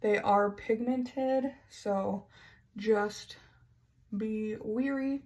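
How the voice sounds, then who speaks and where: A woman's voice: a little high, very slow, a little mellow, a little hiss or hum. A woman beauty vlogger chatting casually through a makeup tutorial, self-mocking and stumbling over words now and then.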